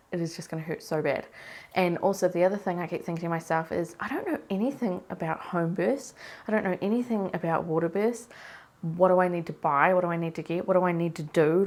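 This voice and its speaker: A young woman speaks to her camera in a loose, rambling diary style, her voice stuffy and blocked from a cold. She talks in a fairly low register for a woman, circling through worried questions and restarting her sentences as her nerves show. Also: darkish tone. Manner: anxious, rambling, self-questioning. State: congested from a cold. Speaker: vlogger. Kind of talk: casual diary vlog.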